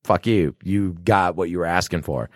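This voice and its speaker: Brief: low-voiced male podcast co-host, blunt and profane, dry studio sound. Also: moderate pace, no room sound. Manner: blunt and profane, chewing snacks close to the mic. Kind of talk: casual chat. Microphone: studio microphone.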